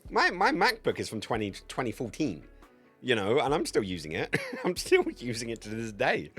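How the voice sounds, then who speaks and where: Joking man, lively rambling streamer. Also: medium pitch, moderate pace, slightly rough, soft background music. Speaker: game streamer. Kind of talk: casual livestream chat.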